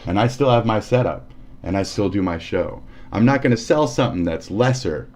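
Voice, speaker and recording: A man's voice: fairly low pitch, expressive, moderate pace, a little mellow. A man ranting casually on a live stream, profane and heated, often laughing and acting out quotes.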